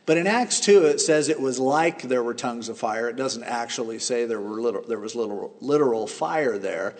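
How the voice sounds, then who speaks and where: A man's voice: mid-range voice, expressive, fairly quick. A man preaching a sermon as a pastor, explaining scripture in a casual, plain-spoken way. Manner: conversational, explains scripture in plain everyday terms. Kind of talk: expository sermon. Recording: long reverb of a large hall.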